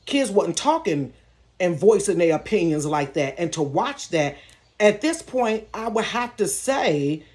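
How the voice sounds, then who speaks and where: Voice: medium pitch, big pitch swings, a little slow, darkish tone. A vlogger telling a personal story casually and candidly from their bedroom, talking straight to viewers and laughing now and then. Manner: talks straight to viewers, calling them "y'all"; candid and emotional, with laughs in between. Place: own bedroom.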